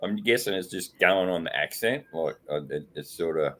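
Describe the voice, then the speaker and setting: A man's voice: low voice, animated, normal speed, fairly bright tone. An Australian man hosting a casual live-stream chat, rambling with lots of fillers and frequent laughs. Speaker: host.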